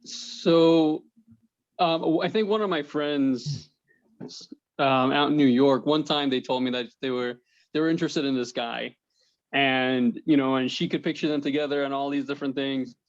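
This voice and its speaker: A man on a discussion panel, giving relaxed, reflective advice in casual conversation. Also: mid-range voice, normal speed. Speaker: panel guest. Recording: dull lo-fi sound.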